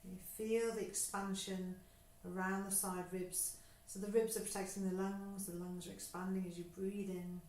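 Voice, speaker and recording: A woman yoga teacher calmly guiding a breathing exercise, speaking slowly and soothingly. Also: medium pitch, a little hiss or hum. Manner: slow, soothing guidance. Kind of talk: guided breathing instruction. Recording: echoey room with faint ambience.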